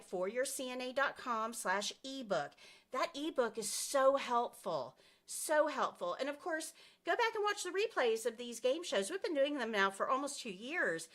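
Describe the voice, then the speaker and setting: A woman's voice: fairly high pitch, a bit bright. A woman who teaches nursing assistants, chatting upbeat with viewers on a live stream and answering their comments. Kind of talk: casual live stream chat.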